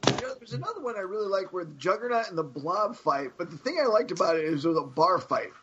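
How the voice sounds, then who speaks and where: A man's voice: high voice, lively intonation, fast, fairly bright tone, breathy edge. A man chatting casually on a podcast, amused and laughing his way through anecdotes. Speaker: podcast co-host. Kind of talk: casual chat. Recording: dull lo-fi audio.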